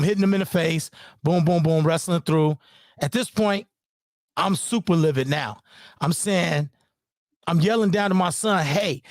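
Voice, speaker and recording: A father breaking down his son's game footage in casual screen-share commentary, heated and profane, repeating "boom" as he points things out. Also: darkish tone, dry recording, clean studio sound. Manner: heated, profane, repeats "boom" and "you know what I'm saying".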